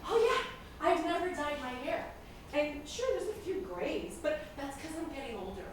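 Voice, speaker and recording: A woman's voice: sits high, normal speed, a little hiss or hum. A woman in her forties performing a comic stage monologue, laughing often and slipping into Spanish. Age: 40s. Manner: lively, laughing, switches into Spanish. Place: theater stage. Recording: echoey theater, heard from far off.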